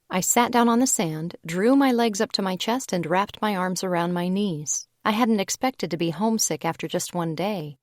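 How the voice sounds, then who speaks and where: A woman narrating a young adult audiobook in the first person, relaxed and conversational. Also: mid-range voice, no room sound, studio quality.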